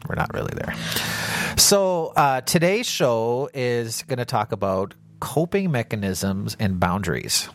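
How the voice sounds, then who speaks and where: A man's voice: mid-range voice, animated, unhurried, a bit bright. A man co-hosting a podcast in casual chat, joking and rambling, often trailing off mid-thought. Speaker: podcast co-host. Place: studio.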